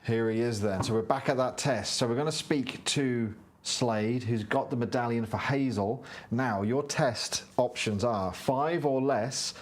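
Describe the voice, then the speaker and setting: Man reading board game text out loud, brisk and plain, mid pitch. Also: a little hiss or hum. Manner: brisk read-aloud, narrating the game's story text. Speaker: co-host reading a board game script aloud. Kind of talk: reading game text and casual play chat.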